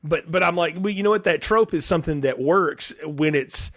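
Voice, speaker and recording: A man's voice: fairly high pitch, moderate pace, a bit bright, no echo, studio quality. A man co-hosting a film podcast in casual chat, enthusiastic and quoting characters. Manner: conversational, enthusiastic, quotes characters. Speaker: podcast co-host.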